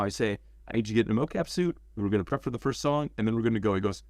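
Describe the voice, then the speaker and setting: A man as an interview guest, telling stories in a casual, animated way, acting out quotes and swearing freely. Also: mid-range voice, rapid-fire, dry recording, studio quality. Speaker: interview guest, former game cinematics director.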